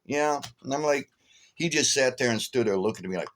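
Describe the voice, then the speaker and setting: Man, casual vlog, rambling storyteller, profane, flares up loud, middle pitch. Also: brisk. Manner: profane, rambling, animated storyteller who flares loud when retelling anger. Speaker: vlogger.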